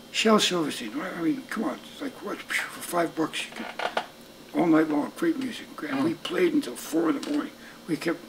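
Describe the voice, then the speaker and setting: An older man, a musician telling lively anecdotes in an interview and acting out the dialogue. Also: a little high, noisy background. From Brooklyn, New York. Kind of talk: storytelling interview. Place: indoors in Brooklyn.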